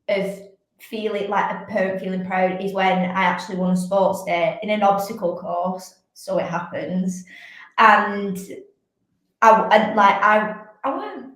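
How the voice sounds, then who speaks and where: A young woman who's a fitness coach and athlete chats candidly as a podcast guest, filling her speech with "like." Her mid-range voice has a fairly bright tone, and the room is very echoey.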